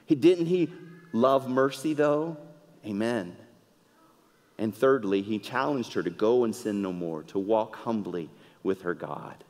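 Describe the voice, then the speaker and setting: A male pastor preaching a sermon, swinging between loud emphatic lines and quiet conversational asides. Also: on the low side, animated, measured pace, in a large hall. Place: church sanctuary.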